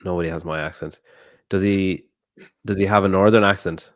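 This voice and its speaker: This is an Irish man with a very low voice, talking casually on a podcast. He swears freely and trails off mid-thought before starting over. The recording is close and dry, with no room sound. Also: steady tone, brisk, no echo. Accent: Irish, Donegal area. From Ireland. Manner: laid-back, swears freely, trails off and restarts. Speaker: podcast co-host. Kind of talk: casual chat.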